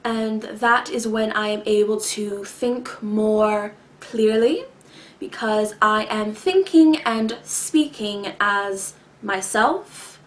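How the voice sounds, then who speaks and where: A woman vlogger answering viewer questions in a deliberate, enunciated way, with long pauses, many filler words and some throat-clearing. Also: medium pitch. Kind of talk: casual explanatory talk to camera.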